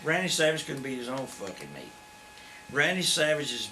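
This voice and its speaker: A man's voice: mid-range voice, normal speed. A man in his fifties with a drawl, telling blunt, profane stories in a shoot interview. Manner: blunt, profane, animated storyteller. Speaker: interview guest, former wrestler. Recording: faint background noise.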